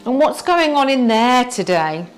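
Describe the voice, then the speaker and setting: A woman teacher guiding a yoga warm-up, gently asking the listener what they feel in the body. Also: a little high, sing-song, soft background music. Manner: slow, gentle, inviting questions to the listener. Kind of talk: guided yoga class instruction.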